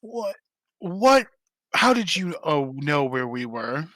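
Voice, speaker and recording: A man voicing a proud, sly male goliath leader who speaks smoothly and a little mockingly. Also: fairly high pitch, sing-song, slow, bright, forceful tone, no room sound, full character voice. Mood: composed.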